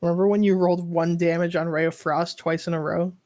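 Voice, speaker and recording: A game master running a tabletop game, narrating in a relaxed, halting way with lots of fillers. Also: medium pitch.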